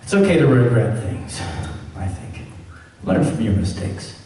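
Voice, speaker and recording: A man, a voice actor, telling stories and answering fan questions on a convention panel, acting out quoted lines in a higher voice. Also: sing-song, measured pace, mellow. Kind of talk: Q&A panel storytelling. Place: large echoey event hall. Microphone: room recording from the audience. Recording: echoey hall, far from the mic.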